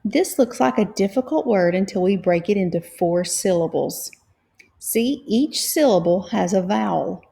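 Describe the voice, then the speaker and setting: A woman reading teacher leading a phonics lesson, spelling out letters and sounding out syllables slowly and patiently. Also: medium pitch, expressive, vocal fry, mellow. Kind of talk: slow, clear phonics lesson.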